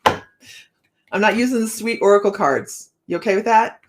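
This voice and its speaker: A woman's voice: mid-range voice, animated, measured pace, background noise. Chatty woman hosting a tarot stream. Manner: chatty, laughs often, greets viewers by name. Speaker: tarot reader and live-stream host. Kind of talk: casual live-stream chat with viewers.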